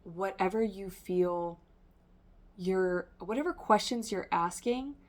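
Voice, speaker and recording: A woman tarot reader speaks straight to camera in a mid-range voice, taking her time. Her casual spiritual reading is loose and stream-of-consciousness, packed with fillers like "um" and "like".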